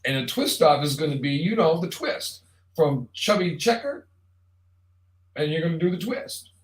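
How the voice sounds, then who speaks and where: A man's voice: a little high, animated, moderate pace. A man hosting a live online show, talking casually in a rambling, jokey monologue straight to the viewer. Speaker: show host. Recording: roomy echo.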